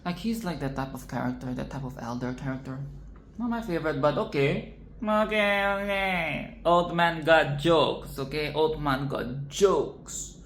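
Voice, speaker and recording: A woman's voice: low voice, measured pace, roomy sound, a little hiss or hum. A young woman casually reviewing a film, emphatic and profane, often tagging "okay?".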